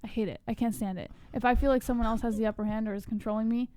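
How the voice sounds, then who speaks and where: A woman co-hosting a casual livestream with her partner, speaking bluntly and flatly even when she says bold things. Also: fairly high pitch, racing, a little hiss or hum. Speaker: livestream co-host.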